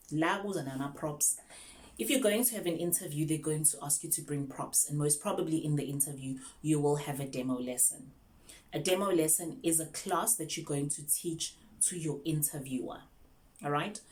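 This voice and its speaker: A woman's voice: deep voice, a little fast, a little mellow. A young South African woman, an online English teacher, chatting casually through tips and mixing English with Zulu.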